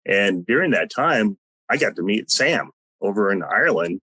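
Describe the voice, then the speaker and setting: A man's voice: lowish voice, animated, moderate pace, bright, forceful tone, slightly rough, dry recording, poor audio. A man hosting a podcast in a loose, rambling, joking way over a video call. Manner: loose and rambling, with fillers and jokey asides. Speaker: podcast host. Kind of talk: casual podcast chat. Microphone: no headset, video call setup.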